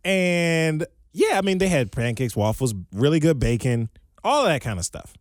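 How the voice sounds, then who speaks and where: A man co-hosting a podcast in an easy, casual chat, laughing often as he talks. His voice sits a little high for a man and swings widely up and down. The sound is close and dry, with no room echo. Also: expressive, normal speed. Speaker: podcast co-host.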